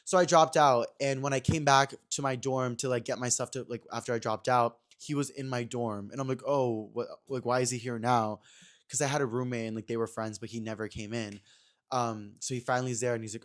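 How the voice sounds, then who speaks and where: A man's voice: mid-range voice, fairly even intonation, a little fast. A young man hosting a podcast, telling a casual story in a chatty way, full of fillers, talking straight to his viewers. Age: young adult. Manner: chatty, filler-heavy, addresses "you guys". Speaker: podcast host.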